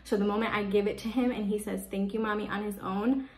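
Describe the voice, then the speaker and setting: A woman's voice: mid-range voice, steady tone, quick pace. A woman giving parenting tips to the camera in casual, chatty speech, often filling with "like". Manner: chatty, leans on "like" as a filler. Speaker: parenting vlogger. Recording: echoey room.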